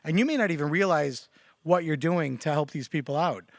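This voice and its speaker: Man, slightly high voice, lively storyteller who jumps up in pitch for quotes, close dry sound. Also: brisk, no echo. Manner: animated storyteller, quotes others with raised pitch. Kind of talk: casual conversation.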